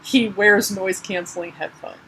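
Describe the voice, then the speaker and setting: A woman co-hosting a podcast in casual comedic chat, sarcastic and quick with jokes, laughing often. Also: mid-range voice, pushed and bright, breathy edge, poor audio. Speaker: podcast co-host.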